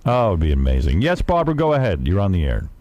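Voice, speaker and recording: A man's voice: low-pitched, huge pitch swings, fast, darkish tone, no echo, muffled recording. A man hosting a radio talk show, teasing and provocative with his guests.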